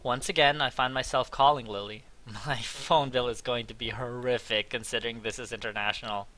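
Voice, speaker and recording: A man's voice: mid-range voice, steady tone, fairly quick, pushed and bright. A young man narrating a visual novel aloud as a let's play host, reading the story lines with casual asides. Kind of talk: casual game read-along narration.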